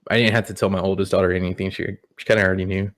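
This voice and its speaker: A young man telling personal stories in a relaxed, rambling way, full of "you know". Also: low-pitched, racing. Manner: rambling, repeats words, many "you know"s. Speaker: guest. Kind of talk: casual podcast storytelling. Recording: audio-only podcast.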